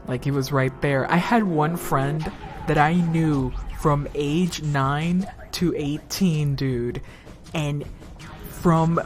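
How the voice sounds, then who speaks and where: A young woman with a low, unhurried voice streams a game live, reading its text aloud between remarks. Her chatter is casual and sprinkled with swearing, and faint music plays underneath. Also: a little mellow. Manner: casual and profane, thinking aloud.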